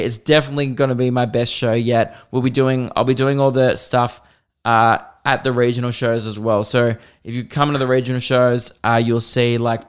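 A man's voice: medium pitch, clear, resonant tone. A man with an Australian accent, a comedian hosting his own podcast, rambling through jokey stories and swearing freely. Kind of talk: casual solo podcast monologue.

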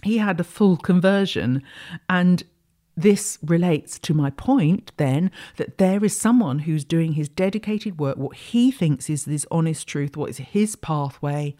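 Low-pitched and mellow, her voice moves a little slowly as she hosts an astrology talk show. She muses reflectively and rambles, often starting over, in the manner of a casual spiritual monologue.

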